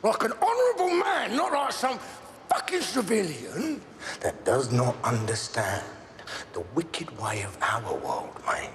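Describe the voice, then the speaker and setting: An actor playing a volatile middle-aged gangster boss, rambling and menacing in a television crime drama. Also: male voice, fairly high pitch, wildly swooping pitch, a little slow, fairly bright tone, full character voice. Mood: ranting. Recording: film soundtrack with background noise.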